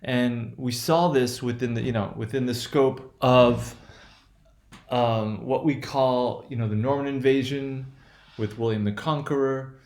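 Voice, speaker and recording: A man teaching word stress in a recorded video lesson. He talks in a hesitant, searching way, with many fillers and restarts, and repeats points slowly. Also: mid-range voice, fairly even intonation, a little mellow, echoey room. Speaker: English pronunciation teacher.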